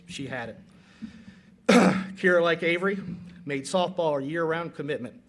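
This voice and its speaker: A middle-aged father giving an emotional award speech at a banquet, halting with many fillers. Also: on the high side, a bit bright. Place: banquet hall.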